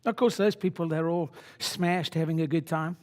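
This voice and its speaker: A man in his sixties speaking at a seminar, brash and boastful, dropping to low asides and then pushing up into loud exhortation at the audience. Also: steady tone, moderate pace. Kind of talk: motivational seminar talk. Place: conference room before an audience.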